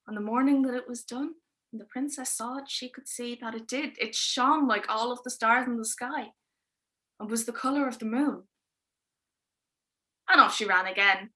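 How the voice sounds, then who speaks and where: Bright-voiced woman telling a fairy tale. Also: fairly high pitch, measured pace. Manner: lively, informal, with wry asides. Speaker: storyteller. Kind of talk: oral storytelling performance on a livestream.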